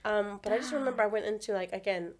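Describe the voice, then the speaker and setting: A woman's voice: medium pitch, fast. A young woman, a midwife guest, talking in a matter-of-fact, explanatory way. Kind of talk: casual chat.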